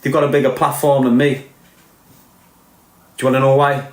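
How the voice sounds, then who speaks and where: A man's voice: medium pitch, flat delivery, moderate pace, reverberant. A man with a Liverpool accent delivering a blunt, sweary, impassioned podcast rant. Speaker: podcast host. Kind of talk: ranting podcast monologue.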